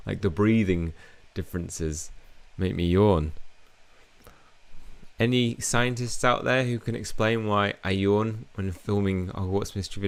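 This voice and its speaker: A man's voice: low-pitched, no room sound. A man in his thirties casually commenting on a game he is playing, with jokey, self-mocking asides. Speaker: gaming channel host.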